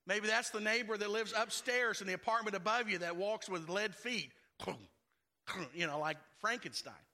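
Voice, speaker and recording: A man's voice: sits high, moderate pace, sharp tone. A man preaching a sermon to his congregation, conversational with playful asides and acted-out quotes. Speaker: pastor.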